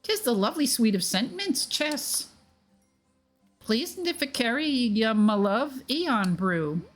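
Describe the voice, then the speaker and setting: Woman streamer voicing a giddy fairy godmother, high faux-Irish lilt, quaint garbled speech. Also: lively intonation, takes it slowly, faint music behind. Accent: put-on Irish. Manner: sing-song, mangled archaic phrasing.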